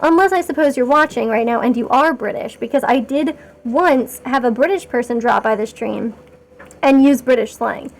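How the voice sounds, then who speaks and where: A woman streamer with a high voice talks through her game in a loose, rambling way. She keeps poking fun at herself and gets excited easily. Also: moderate pace. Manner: rambling and chatty, talking to chat while playing; self-mocking and excitable. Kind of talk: casual live-stream commentary.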